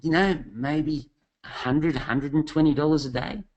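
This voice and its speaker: A man's voice: a little high, unhurried, darkish tone, muffled recording, pitched above the performer's own voice. A cheerful, hardworking taxi driver, eager and upbeat, as a man puts him on while telling a story. The voice sits a few notches above the storyteller's own.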